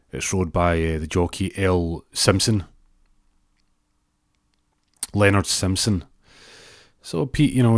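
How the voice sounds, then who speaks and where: A man's voice: low-pitched, no room sound, clean studio sound. A man with a Scottish accent telling a casual, rambling anecdote, often repeating words. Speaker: storyteller.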